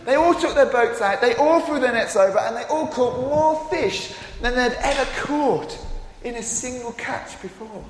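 Guy telling a bible story, high voice all over the place, big echoey church sound. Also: a little hiss or hum. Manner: animated, playful, with frequent asides. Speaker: storyteller for a congregation. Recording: echoey hall with faint ambience.

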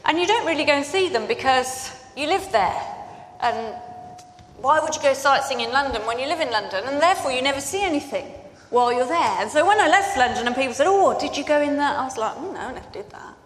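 A woman's voice: high-pitched, animated, fast, slight background noise. A woman preacher telling a chatty personal story as part of a sermon. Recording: echoey hall with long reverb.

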